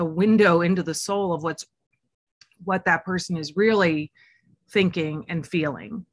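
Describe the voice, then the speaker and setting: A woman's voice: on the low side, fairly bright tone, no echo, clean studio sound. A woman working as an executive coach, giving a conversational, teacherly webinar presentation with frequent fillers.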